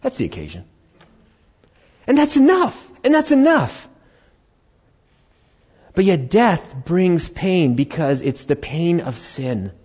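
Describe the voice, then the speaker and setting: A man preaching a sermon as pastor, switching between loud emphatic lines and quiet, soft-spoken passages. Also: mid-range voice, muffled recording. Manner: swings from loud emphasis to hushed, soft asides.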